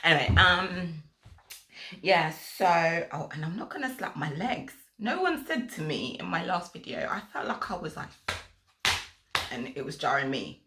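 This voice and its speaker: Chatty low-voiced South London woman. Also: very animated, unhurried, pushed and bright, slight background noise. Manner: chatty, rambling, self-mocking, lots of fillers. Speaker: vlogger. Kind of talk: casual vlog chat.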